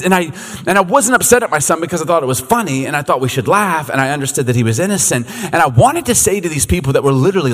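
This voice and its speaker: A man in his thirties, a youth pastor preaching a sermon as an animated storyteller who laughs often. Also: a little high, fairly quick. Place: church hall. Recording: echoey hall.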